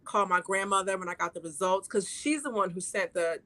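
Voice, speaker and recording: Bright, chatty woman hosting a talk show. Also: mid-range voice, fairly quick, no room sound. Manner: chatty, emphatic and joking. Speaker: host. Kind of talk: casual chat show talk.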